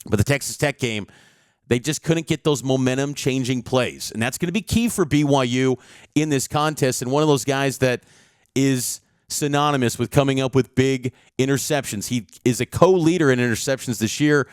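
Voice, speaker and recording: Smooth-voiced man previewing a football game. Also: mid-range voice, moderate pace, no echo, studio quality. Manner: confident, analytical, stat-heavy delivery. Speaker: sports reporter.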